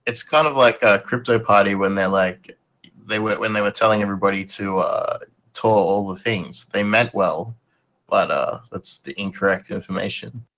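A man with a fairly low voice chats casually on a podcast. He talks in halting bursts full of fillers and restarts, with a sarcastic edge to his remarks. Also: a bit bright.

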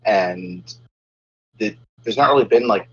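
A man with a husky, somewhat low voice talks hesitantly in casual podcast chat, filling his sentences with fillers. His sound is dull and lo-fi, as if on a weaker mic. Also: unhurried, fairly bright tone.

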